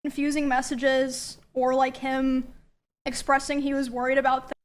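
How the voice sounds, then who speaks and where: A woman calmly recounting events in a measured, steady explanation. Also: high-pitched.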